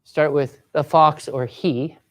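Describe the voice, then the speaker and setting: Writing teacher, live workshop, encouraging, step-by-step directions, unhurried delivery. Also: medium pitch, fairly even intonation. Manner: acts out sample voices for students.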